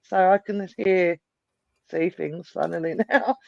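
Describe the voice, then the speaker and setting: A woman's voice: lowish voice, takes it slowly, gravelly, a little mellow, no echo, dull audio. A woman guest on a podcast, chatting casually and mulling her picks aloud with small laughs.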